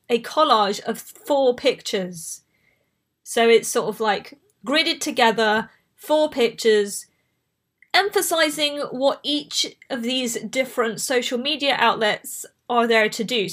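A woman's voice: a little high, fairly bright tone. A woman from Bristol with a light Bristolian accent, hosting a casual solo podcast while she has a cold, chatty and prone to tangents. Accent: light Bristolian English. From Bristol, England. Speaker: podcast host.

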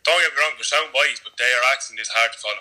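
A man's voice: mid-range voice, bright, forceful tone, rough recording. A young man with an Irish accent from Kildare, a guest joking along in casual banter with a friend. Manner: quick, joking, laughs along.

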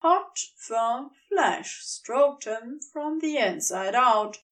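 A woman reading a story aloud as narrator, slow and expressive. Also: a little high, recorded from a distance. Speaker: podfic reader. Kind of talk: scripted narration.

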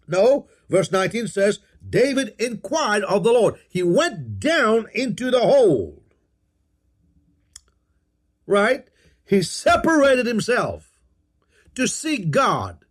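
Man, preacher, sermon, emphatic, repeats phrases, slow delivery. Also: high-pitched, very animated. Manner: emphatic, repeats key phrases and tells listeners to underline.

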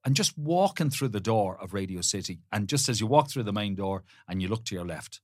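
Teasing man with a lively voice. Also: on the low side, a little fast, no echo, clean studio sound. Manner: teasing storyteller, many restarts. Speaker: podcast co-host. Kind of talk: casual chat.

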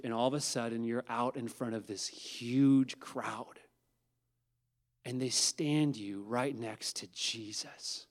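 A man preaching a sermon who addresses his listeners as guys and swings from hushed tones to loud emphasis. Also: medium pitch, fairly even intonation, slow pace. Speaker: pastor.

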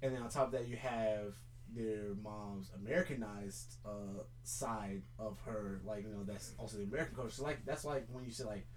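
A man's voice: fairly low pitch, moderate pace, few pauses, darkish tone, slight background noise. A young man from Charlotte, North Carolina, co-hosting a podcast, talking loosely with restarts and fillers. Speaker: podcast co-host. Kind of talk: casual chat.

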